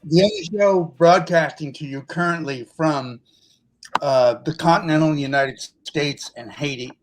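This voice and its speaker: A man co-hosting a comedy podcast, joking in a dry, deadpan way and making mock-grand claims. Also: fairly high pitch, measured pace, a little hiss or hum, low-quality recording. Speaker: podcast co-host and stand-up comedian. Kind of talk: casual comedy podcast chat.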